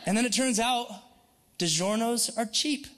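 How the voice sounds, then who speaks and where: A man preaching a sermon to his congregation in a casual, joking, animated way. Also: very high voice, measured pace, a little hiss or hum. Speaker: pastor. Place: church in Northwest Montana.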